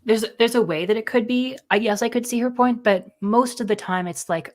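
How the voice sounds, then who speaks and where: A woman's voice: a little high, a little fast. A woman co-hosting a podcast in casual chat, explaining her views earnestly. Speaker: podcast co-host.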